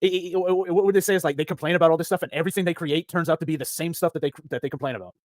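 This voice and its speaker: Man, slightly high voice, very quick, dry close mic, excitable reactions. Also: dry recording. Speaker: co-host of a live stream. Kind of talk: casual chat.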